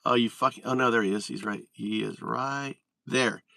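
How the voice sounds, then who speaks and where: A man chatting casually on a live stream in an excitable way, swearing and restarting his sentences. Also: mid-range voice, moderate pace, gravelly, recorded from a distance, rough recording. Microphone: phone.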